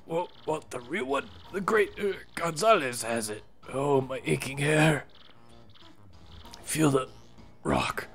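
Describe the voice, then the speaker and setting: Man voicing a blustering turtle king, gravelly, slow, animated. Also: medium pitch, heavily acted. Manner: blustering, sputtering. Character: gruff grumpy male turtle king, hot-tempered.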